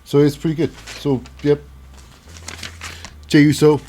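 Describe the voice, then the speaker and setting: A man's voice: a little high, flat delivery, measured pace, long pauses, mellow. A man hosting a casual wrestling show recap, rambling with lots of fillers and hyping things up with "baby".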